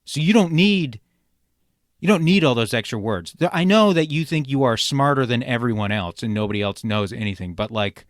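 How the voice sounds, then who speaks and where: A man hosting a reaction commentary show, ranting sarcastically and swearing, jumping from loud outbursts to low mutters. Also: expressive, moderate pace, no room sound, studio quality. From immigrant. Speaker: commentary podcast host.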